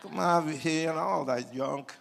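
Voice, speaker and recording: An older native Spanish speaker with a Puerto Rican accent tells his testimony as a preacher, animated and acting out quotes as he swings from soft asides to shouting. His voice is fairly high and gravelly, the pace moderate, with slight background noise, in a sermon-style storytelling mode.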